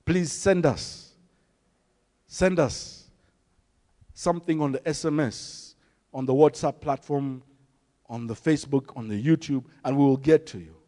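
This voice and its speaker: A man with a Kenyan accent, a pastor preaching a sermon with emphatic rises, soft drops and storytelling. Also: mid-range voice, measured pace, long pauses. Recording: long hall reverb.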